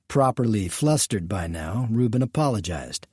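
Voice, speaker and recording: Western audiobook narrator, male; husky, mellow, steady read, dry studio. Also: mid-range voice, moderate pace, hardly any pauses, no echo. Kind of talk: scripted narration.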